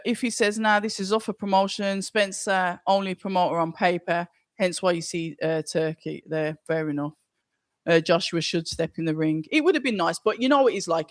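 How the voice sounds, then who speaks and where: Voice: medium pitch, no echo, studio quality. Chatty live stream host. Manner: casual, chatty, thinks aloud. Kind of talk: live watch-along chat, reading viewer comments aloud.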